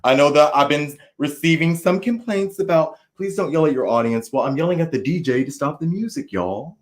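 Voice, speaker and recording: Loud, casual man hosting a livestream. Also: a little high, fairly quick. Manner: loud, animated, swings from mumbling to shouting. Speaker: tarot reader hosting a livestream. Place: indoors at a New Year's party. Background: faint party music.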